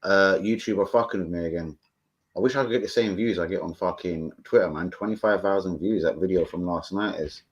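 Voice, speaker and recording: A man's voice: low voice, brisk, dull audio. A man hosting a fan live stream, chatting casually, swearing freely and answering viewers off the cuff. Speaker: fan channel host.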